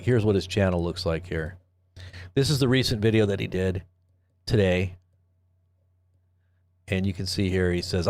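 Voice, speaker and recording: Rambling sarcastic man hosting a live stream. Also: mid-range voice. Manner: rambling, sarcastic, repeats and restarts often. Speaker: host of a live news commentary channel. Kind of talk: casual live-stream commentary.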